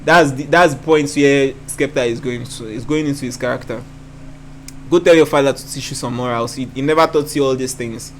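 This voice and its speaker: A man's voice: medium pitch, steady tone, fairly quick, a little hiss or hum. A man hosting a reaction video, breaking down rap lyrics in a thoughtful way and often repeating himself as he thinks aloud.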